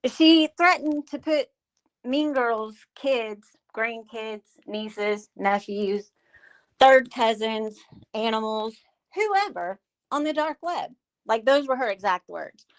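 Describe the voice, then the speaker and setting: A woman's voice: on the high side, lively intonation, takes it slowly, poor audio. A woman hosting a commentary livestream, speaking with sarcastic, mocking scorn aimed directly at a rival. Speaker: livestream host. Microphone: streaming mic.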